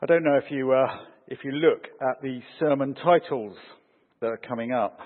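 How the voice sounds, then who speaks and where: A man preaches with animated swings, climbing for emphasis and sinking low to finish a point. His voice is a little husky. The sound is thin and phone-like, with a long hall reverb trailing each phrase. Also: normal speed. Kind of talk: sermon with opening prayer.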